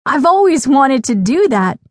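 A woman's voice: high-pitched, big pitch swings, unhurried, darkish tone, no echo, voice pushed up. A woman voicing a confident, sporty young girl in a storybook, upbeat and reassuring. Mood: eager. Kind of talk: storybook character voice. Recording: dry studio recording.

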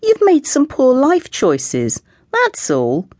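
A woman voicing a chatty middle-aged mum with a brisk, soothing counsellor tone, in an audiobook. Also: sits high, wildly swooping pitch, darkish tone, dry recording, clean studio sound, voice pushed up, exaggerated voice. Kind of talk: audiobook character voice.

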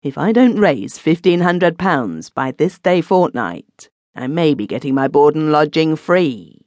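A man reading an audiobook voices a glib, teasing young gentleman who is deep in debt. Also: very animated, measured pace, dry recording. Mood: wheedling. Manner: teasing, wheedling.

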